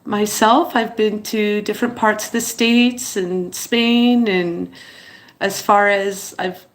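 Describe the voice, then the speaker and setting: A teary woman, chatting slowly and haltingly on her livestream, with many fillers and apologies. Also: medium pitch, steady tone. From Montreal, Canada. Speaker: channel host on a livestream. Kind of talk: casual livestream chat, reading viewer comments.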